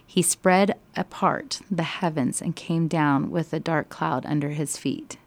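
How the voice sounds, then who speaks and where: A woman leading a casual Bible study, directing readings and asking questions, and growing animated and emphatic when moved. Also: low voice, measured pace.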